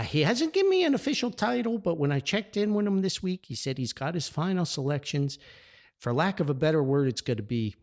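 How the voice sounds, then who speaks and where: A man with a New Jersey accent hosting a solo podcast, talking with enthusiasm and rambling from point to point. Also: fairly high pitch. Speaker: podcast host.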